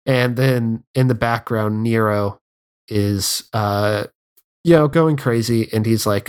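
A man co-hosting a podcast, recapping a film's plot in a relaxed, casual way with fillers and dry remarks. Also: fairly low pitch, slow pace, smooth. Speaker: podcast co-host. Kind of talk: casual film discussion chat.

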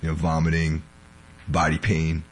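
A podcast host with a bass voice talks in a monotone at normal speed, still sick and sounding weak. His casual talk rambles and is packed with fillers.

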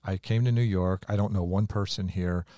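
A man's voice: deep voice, steady tone, fairly quick, dark tone, no room sound. A man, a pastor, in a conversational faith talk, telling stories in an earnest, confessional way. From United States.

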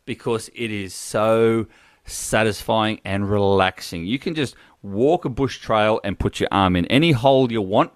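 A man's voice: lowish voice, a little slow, no echo, studio quality. A man hosting a casual chat, rambling and laughing easily as he talks. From Australia. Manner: chatty, laughs often, rambling restarts. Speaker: podcast host.

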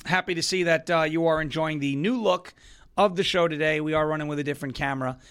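A man hosting a political livestream, ranting in an emphatic, mocking way with a worn-out, hoarse voice. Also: on the high side, quick pace, fairly bright tone.

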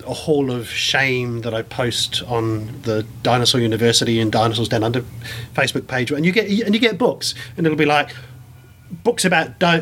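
A man who grew up abroad after being born in England, telling stories with animated enthusiasm and many restarts as an interview guest. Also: mid-range voice, slight background noise. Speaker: guest, science communicator and performer. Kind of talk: casual storytelling interview.

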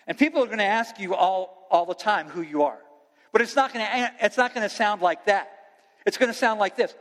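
High-voiced preaching man in a reverberant hall. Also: a little fast. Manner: impassioned, swings from loud preaching to quiet earnest talk. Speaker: youth pastor. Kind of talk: sermon.

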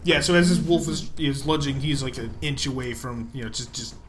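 A young man narrating a tabletop game as game master, lively and chatty, often laughing. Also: mid-range voice, brisk, background noise.

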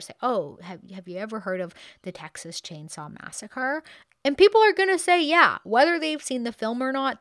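A woman hosting a podcast in a chatty, animated way, acting out little quotes as she talks. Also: fairly high pitch, no echo, clean studio sound. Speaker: podcast host. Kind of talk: casual podcast talk.

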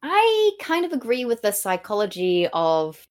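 A woman co-hosting a podcast, chatting in an animated, exclamatory way and throwing herself into the discussion. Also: lowish voice, unhurried. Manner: animated and exclamatory, acting out quotes. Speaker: podcast co-host. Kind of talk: casual discussion.

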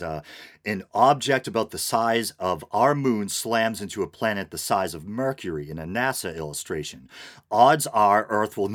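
Deep-voiced male solo podcaster, dry sarcastic commentary. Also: a bit bright. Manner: sarcastic, wry. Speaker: podcast host.

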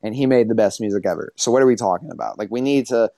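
Young male podcast host, lively and crude, dry close mic. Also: lowish voice, fast, vocal fry, no room sound. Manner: animated, profane, repeats himself. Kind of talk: casual podcast banter.

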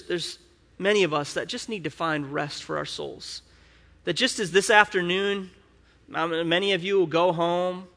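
A man's voice: on the high side, sharp tone. A male pastor preaching a conversational sermon, candid and personal, often restarting his sentences. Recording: long hall reverb.

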